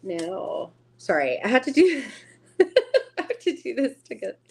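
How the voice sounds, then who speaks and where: A woman's voice: fairly high pitch, big pitch swings, unhurried, creaky, a little mellow, husky. A woman with a Southern US accent hosting a casual tarot live stream, chatting freely, laughing often and answering her viewers. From Southern United States. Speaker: tarot livestream host.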